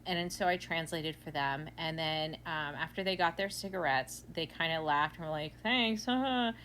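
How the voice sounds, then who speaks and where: Brief: American woman, lowish voice, lively storyteller, faint room hiss. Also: normal speed. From United States. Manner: animated storyteller, acts out quotes. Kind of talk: casual anecdote.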